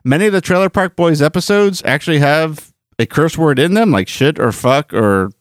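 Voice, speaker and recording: A man chatting as a podcast host, his pitch swinging up and down as he rambles and corrects himself mid-sentence. The sound is dry and close, with no room around it. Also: expressive, normal speed, dry recording. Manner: rambling, self-correcting, laughs easily. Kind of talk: casual chat.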